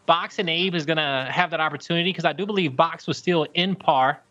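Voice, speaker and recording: A man casting a live online golf game tournament, calling shots play by play with excitable, hype-driven energy. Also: a little high, fairly quick, no echo, muffled recording. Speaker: esports caster.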